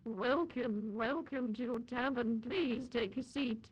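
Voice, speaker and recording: A man's voice: extremely high pitch, slow pace, slightly rough, muffled recording, pitched above the performer's own voice, full character voice. A man using a voice changer to play a gracious female tavern keeper who welcomes guests. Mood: welcoming.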